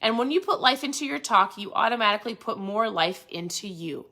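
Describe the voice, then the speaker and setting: A woman's voice: fairly high pitch, animated, fairly quick, sharp tone. A woman hosting a lifestyle channel, chatting casually and animatedly about a motivational book. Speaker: host of a keto lifestyle channel.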